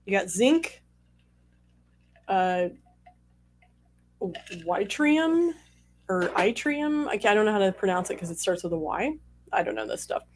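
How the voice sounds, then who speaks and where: A woman's voice: mid-range voice, a little fast, pauses often. A woman co-hosting a casual live stream, reading out trivia questions and teasing her partner. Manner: playful, teasing, laughs often.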